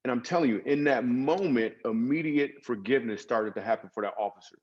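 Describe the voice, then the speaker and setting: A man's voice: mid-range voice, fairly quick, muffled recording. A man guest on a podcast, a comedian and author, telling personal stories in an earnest, dramatic way with emphatic swings. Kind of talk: storytelling interview.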